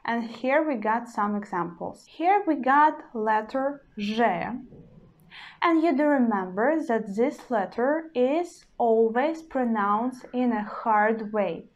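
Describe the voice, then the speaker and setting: Slow, careful woman teacher. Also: a little high, animated, lo-fi sound. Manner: repeats each example word three times, patient and careful. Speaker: Russian pronunciation teacher. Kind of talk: slow, deliberate language lesson.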